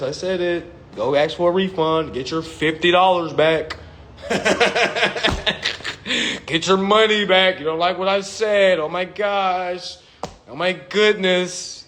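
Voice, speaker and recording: A man's voice: slow pace, a little hiss or hum. A man giving a casual live-stream monologue, brash, profane and mocking as he promotes his class. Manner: lively pitch swings.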